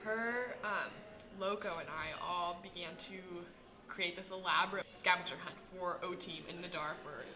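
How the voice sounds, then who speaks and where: A woman's voice: on the low side, normal speed, a crowd in the background. A woman on summer camp staff telling a camp story in an upbeat, chatty way. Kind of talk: casual storytelling to camera.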